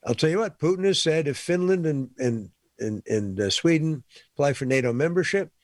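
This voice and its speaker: A man's voice: on the high side, animated, brisk, no echo, clean studio sound. A man giving impassioned political commentary, emphatic and repeating his points for force.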